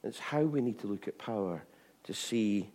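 A man preaching an informal sermon, chatty with repeated asides, swinging from bright emphasis to hushed tones. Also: on the low side, expressive, moderate pace. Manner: chatty, with frequent "you know what I mean" and restarts.

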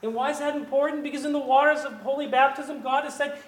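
A man's voice: very high-pitched, fast, few pauses. Emphatic male pastor preaching in an echoey church. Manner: emphatic preaching, swinging from hushed to loud. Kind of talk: sermon. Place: church sanctuary.

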